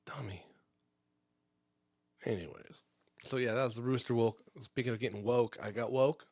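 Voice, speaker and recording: A man hosting a comedy podcast live stream from home, telling a rambling, profane story in a casual, animated way. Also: medium pitch, a little fast, no room sound, studio quality. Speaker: podcast host.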